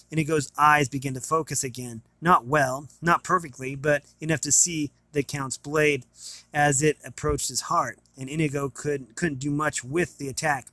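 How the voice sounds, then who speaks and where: A man's voice: a little high, sharp tone, no echo. A man reading a novel aloud, plainly, with small stumbles and restarts. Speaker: reader.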